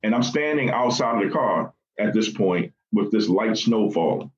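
A guest recounting a family loss tells his story in a podcast interview, speaking in a very deep voice with a Baltimore accent. His telling is halting and conversational, expressive, and packed with fillers and restarts, and he keeps slipping into quotes of the people he talked to. The audio has a slightly dull quality.

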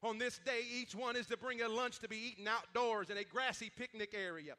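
A male preacher delivering a fervent sermon with many "uh" fillers, rising to shouts at times. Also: extremely high pitch, fairly even intonation, fairly quick.

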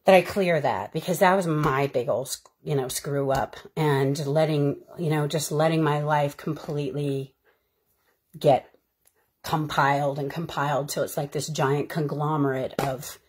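A woman's voice: low-pitched, fairly even intonation, unhurried, darkish tone, husky. A woman who is an actor, chatting casually on her live stream in a rambling, heartfelt way. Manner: rambling, heartfelt and chatty, with frequent fillers and bursts of laughter.

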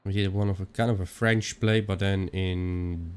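A young Dutch-accented man talks his way through a game, rambling from one aside to the next. He swears casually. His voice sits a little low. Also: steady tone, normal speed, hardly any pauses, darkish tone. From Netherlands. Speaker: gaming channel host. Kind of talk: let's-play commentary.

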